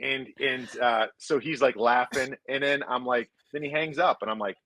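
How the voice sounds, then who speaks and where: A man's voice: medium pitch, normal speed, no room sound, low-quality recording. A man in his thirties or forties, a former hockey player and podcast guest, telling stories casually, swearing freely, and quoting others in shifting voices. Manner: animated, profane, quotes others in shifting voices. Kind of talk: casual storytelling.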